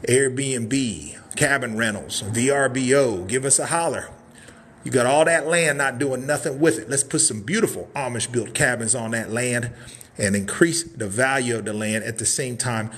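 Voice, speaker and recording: This man hosts a live cabin tour for a hyped sales stream, moving around inside the wooden building and throwing in hype-man catchphrases and sudden whoops. He speaks at a measured pace in a medium-pitched, slightly bright voice, with slight background noise.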